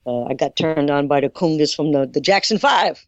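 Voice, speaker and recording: A man's voice: on the high side, animated, moderate pace, no echo. A man with an accent, a guest talking casually about drumming, rambling with many fillers. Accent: non-native English. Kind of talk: casual chat. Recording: dull muffled sound, dry room.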